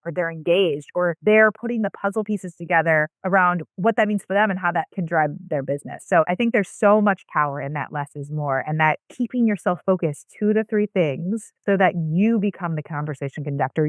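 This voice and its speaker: A woman speaking as a guest on a podcast about presentation design, energetic and emphatic. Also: fairly low pitch, no echo. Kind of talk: podcast interview.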